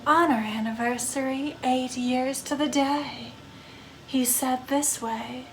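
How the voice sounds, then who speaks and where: A melancholy female vampire ghost, elegant and solemn, who speaks softly and very slowly, as a woman acts her out. The voice sits high, and a faint noise lingers behind it. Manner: soft, slow, solemn.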